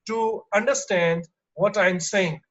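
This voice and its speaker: A man teaching an online exam-prep lesson, explaining slowly with lots of fillers and restarts. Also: high voice, steady tone, a bit bright, lo-fi sound. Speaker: English teacher.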